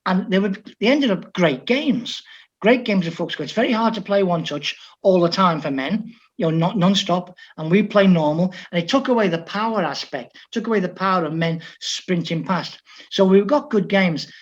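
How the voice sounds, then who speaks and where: A man's voice: high voice, moderate pace. A man from England, a football coach, telling stories in an interview and acting out the dialogue of the people in them. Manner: lively storyteller who quotes others in dialogue. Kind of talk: conversational anecdote telling. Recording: slightly dull lo-fi audio.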